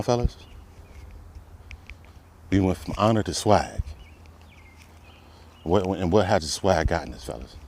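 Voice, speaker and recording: A man's voice: sits low, darkish tone. A man delivering an impassioned monologue, preaching with repeated rhetorical questions that climb to emphatic peaks. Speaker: commentator.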